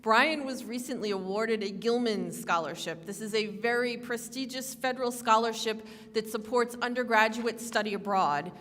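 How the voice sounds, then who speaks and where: A woman's voice: a little high, normal speed, hardly any pauses, a bit bright. A woman presenting at a ceremony, making formal announcements and calling people forward. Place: large hall. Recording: reverberant hall, faint background noise.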